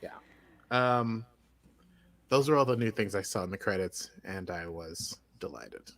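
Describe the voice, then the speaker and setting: A man's voice: low-pitched, expressive, measured pace, fairly bright tone. An American man co-hosting a podcast, chatting casually and rambling through an episode recap with lots of fillers and restarts. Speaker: podcast co-host.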